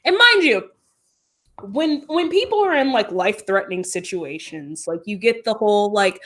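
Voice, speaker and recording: A woman guest telling a story in a casual, animated way, full of fillers and quick laughs. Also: a little high.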